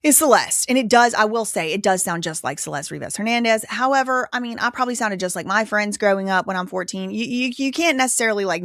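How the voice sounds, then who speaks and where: A woman's voice: mid-range voice, fairly bright tone, no room sound. Chatty woman hosting a live show, dry sound. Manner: rambling, repeats herself, quotes others. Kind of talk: casual commentary.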